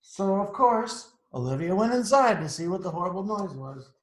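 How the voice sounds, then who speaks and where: A man's voice: high-pitched, expressive, normal speed, roomy sound, low-quality recording. A man reading a picture book aloud to children, chatting about the pictures as he goes. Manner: chatty, adds asides to the pictures. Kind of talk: storytime read-aloud.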